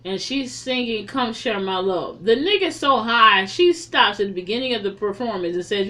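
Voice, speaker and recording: Woman, film reviewer, casual profane recap, animated storytelling, lots of slang, medium pitch. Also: moderate pace.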